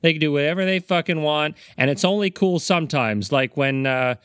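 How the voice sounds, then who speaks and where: A man's voice: on the high side, brisk, a bit bright, clear, resonant tone, no room sound, studio quality. A man co-hosting a podcast with snarky, long-winded, sarcastic remarks. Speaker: podcast co-host. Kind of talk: casual podcast chat.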